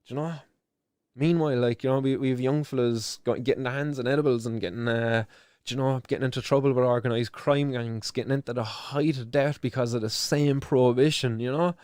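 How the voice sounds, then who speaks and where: A man's voice: mid-range voice, a little mellow, dry recording, clean studio sound. An Irish man hosting a live news show, giving impassioned, emotional commentary, swearing freely and repeating himself as he presses his point.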